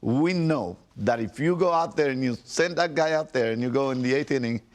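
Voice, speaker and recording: A former pitcher turned analyst speaks emphatically in a studio sports discussion, often repeating himself at a fairly quick pace.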